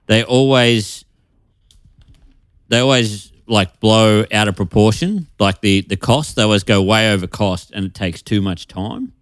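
Man, podcast co-host, casual comedy chat, stammering and giggly, low smooth voice, dry close sound. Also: measured pace, dry recording. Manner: rambling, stammering, laughing at own jokes. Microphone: video call.

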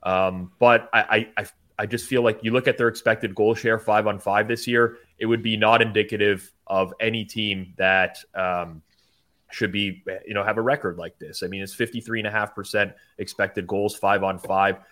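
A man hosting a sports betting show, giving measured, stat-heavy analysis with stammered starts. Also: fairly low pitch, steady tone, fairly bright tone.

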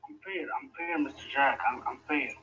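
A man, speaking halting, broken as an upset caller on a voice chat. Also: medium pitch, pushed and bright, a little hiss or hum. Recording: tinny voice-chat line.

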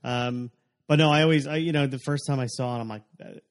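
A man's voice: medium pitch, fairly even intonation, fast talker. A young adult man hosting a casual chat, rambling with lots of fillers. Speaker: podcast host.

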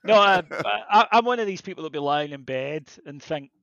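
Male co-host, higher register, emphatic sweary ranter, dry muffled lo-fi recording. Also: lively intonation, a little fast, pushed and bright, no echo. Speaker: podcast co-host. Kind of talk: casual chat.

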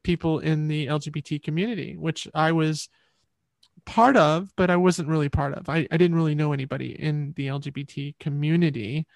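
A woman's voice: deep voice, steady tone, fairly quick, gravelly, darkish tone, dry recording. A woman musician, a guest in an interview, telling her story in a rambling, reflective way.

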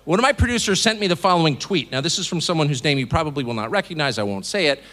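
A middle-aged man from the United States addresses a live audience with a bright, forceful, fairly high voice. His pitch swings widely as he lands emphatic points. He drops in dry, mocking asides. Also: racing. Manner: animated, emphatic delivery. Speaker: television host giving a speech. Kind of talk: public speech to a live audience. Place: event hall before an audience.

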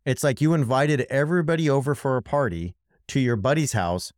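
Speaking brisk and with a darkish tone, this medium-pitched male co-host gets worked up as he argues politics straight at his podcast partner. His delivery is emphatic and impassioned, the talk is casual commentary, and the studio-quality audio carries no room sound.

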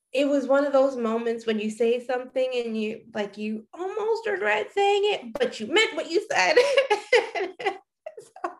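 A woman in her thirties telling a personal story in a casual, reflective way, often halting and starting sentences over. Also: fairly high pitch. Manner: reflective, halting, with frequent restarts.

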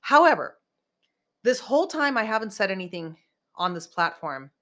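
A woman's voice: medium pitch, sing-song, moderate pace, fairly bright tone. A woman hosting a podcast in casual chat, rambling and emphatic as she vents. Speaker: podcast host.

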